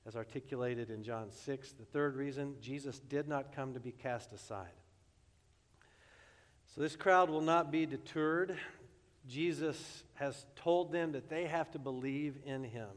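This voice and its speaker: A man preaching a sermon as pastor, expressive and acting out the quotes he reads, recorded with long reverb in a large hall. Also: medium pitch.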